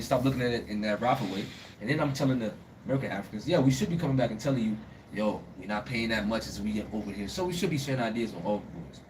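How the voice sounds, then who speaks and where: A Liberian-born man hosting a casual street talk show, animated and emphatic, laughing often and using a lot of slang. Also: mid-range voice, recorded from a distance, a little hiss or hum. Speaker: show host.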